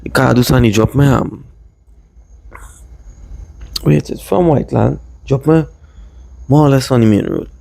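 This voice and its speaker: A man from Trinidad with a Trinidadian accent, casually telling a rambling personal story in lively dialect. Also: mid-range voice, measured pace, vocal fry, pauses often, dry recording. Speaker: vlogger.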